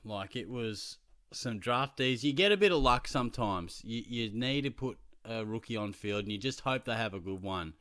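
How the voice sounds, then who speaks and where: An Australian man chatting casually as a fantasy football vlogger, telling stories in an animated way and laughing often. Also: mid-range voice, normal speed, no echo, studio quality. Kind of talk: casual chat.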